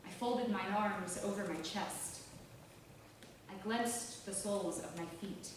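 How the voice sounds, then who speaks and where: A woman's voice: medium pitch, slow pace. Woman reading, roomy and distant. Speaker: author reading her novel. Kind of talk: literary reading. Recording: roomy, distant, faint hiss.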